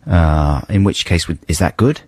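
A man's voice: low voice, normal speed, a little mellow, no echo. A man co-presenting a radio show in a studio, chatty and jokey, rambling with restarts. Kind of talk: casual radio banter. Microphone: studio microphone.

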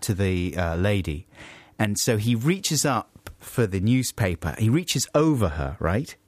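A man co-hosting a comic radio show, telling stories in an animated way and laughing often. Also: fairly low pitch, measured pace, hardly any pauses, no echo. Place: radio studio.

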